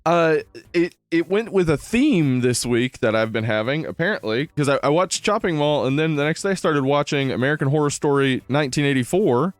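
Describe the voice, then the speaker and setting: A man's voice: on the high side, expressive, a little fast, no room sound, faint music behind. A man co-hosting a podcast in casual chat, laid-back and rambling, with lots of fillers and easy laughter. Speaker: podcast co-host.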